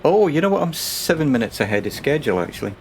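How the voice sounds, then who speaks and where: A man's voice: a little high, big pitch swings, fast, a little mellow, a little hiss or hum. A man casually commentating his own driving game stream, chatting and rambling to himself and his viewers.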